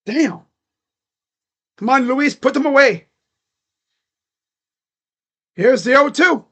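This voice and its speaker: A man calling a ball game live as a fan from his room at home, excitable, chatting to viewers and shouting at the players. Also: very high voice, slow. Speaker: fan streamer calling play-by-play. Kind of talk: live fan reaction and play-by-play. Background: dogs barking.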